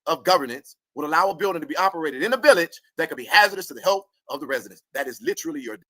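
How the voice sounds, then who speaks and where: An online commentator, high-voiced and talking very fast, rants to his viewers in fired-up commentary, cussing and laughing often in an animated way. There's no echo.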